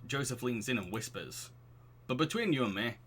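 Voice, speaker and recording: A cheerful, clean-cut neighbour who is a youth minister, chatty and a touch awkward, speaking with a Northern English accent, as a man puts him on. The voice sits at an ordinary male pitch but rings bright and forceful. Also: animated, normal speed.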